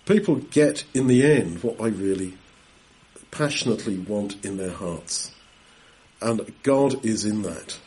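A man preaching a sermon in a conversational Bible-teaching style, asking rhetorical questions and pausing to clear his throat. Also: mid-range voice, a little mellow.

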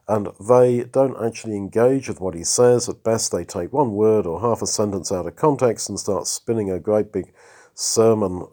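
A man giving a reflective sermon on a Bible passage, rising for emphasis between pauses. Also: medium pitch, dark tone. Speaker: preacher.

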